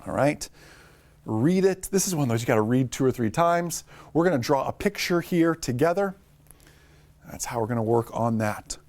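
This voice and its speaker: A man teaching a live online lesson for drone pilots, talking fast and upbeat, greeting viewers by name. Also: medium pitch, expressive, darkish tone.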